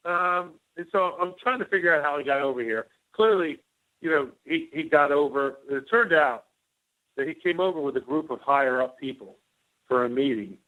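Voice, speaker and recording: A man's voice: a little high, lively intonation, a little fast. A middle-aged man, a former White House officer, telling rambling anecdotes as an interview guest and acting out both sides of the dialogue. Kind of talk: casual storytelling interview. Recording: tinny phone line.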